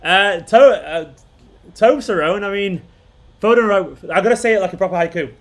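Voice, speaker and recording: A man's voice: high voice, expressive, normal speed. A man, hosting a casual football watchalong stream, rambling and chuckling as he talks. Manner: rambling, chuckling, restarts sentences. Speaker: football fan channel host. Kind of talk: casual live watchalong chat.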